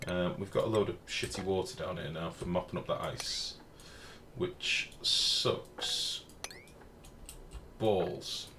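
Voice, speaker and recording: Low-voiced guy streaming a game, chatty, swears a bit, faint street noise behind. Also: steady tone, slow pace, pushed and bright. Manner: chatty, talks to chat viewers, swears casually. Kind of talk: casual live-stream commentary. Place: home room with the window open. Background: faint outdoor street noise.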